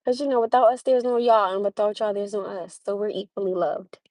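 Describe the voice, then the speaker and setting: A woman's voice: mid-range voice, fairly quick, darkish tone, dry recording. A young woman hosting a casual livestream, chatting with viewers, laughing often and greeting them by name. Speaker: livestream host.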